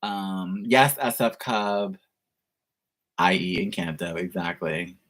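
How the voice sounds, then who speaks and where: A man's voice: low voice, takes it slowly, fairly bright tone. A man hosting a reaction channel, answering viewer questions in a casual livestream chat, gushing and chatty with lots of "like". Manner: effusive, gushing, heavy use of "like".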